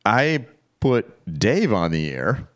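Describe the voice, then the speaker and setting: A man's voice: lowish voice, big pitch swings, takes it slowly, fairly bright tone. A man co-hosting a podcast, telling a story casually and laughing often. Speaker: podcast co-host.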